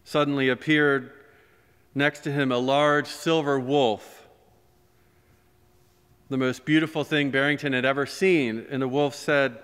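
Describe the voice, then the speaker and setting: A man, a pastor, telling a story during a sermon in a gentle, animated way, recorded in a church. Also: medium pitch, normal speed, clear, resonant tone. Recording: long church reverb.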